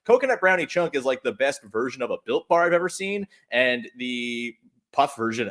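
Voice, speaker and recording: A man hosting a sports podcast, chatting casually and joking, with upbeat ad reads. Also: fairly high pitch. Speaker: podcast host. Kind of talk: casual sports chat and read ad.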